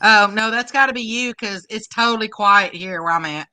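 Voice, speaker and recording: A woman's voice: mid-range voice, normal speed, sharp tone, clear, resonant tone, rough recording. A woman reading viewer comments aloud during a live stream, in a friendly casual way.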